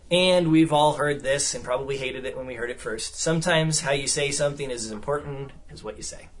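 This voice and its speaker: A man's voice: mid-range voice, a little fast, slight background noise. A man speaking at a counseling seminar, talking conversationally and often checking in with the room. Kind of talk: seminar talk with audience discussion.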